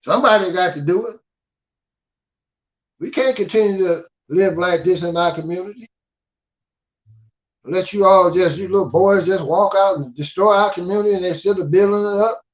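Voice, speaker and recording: Older guy from the us, high voice, gruff preachy scolding, muffled lo-fi sound. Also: moderate pace, long pauses. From United States. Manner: gruff, scolding, repeats "you understand?". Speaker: guest speaker. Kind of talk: blunt preaching monologue. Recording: dull lo-fi audio.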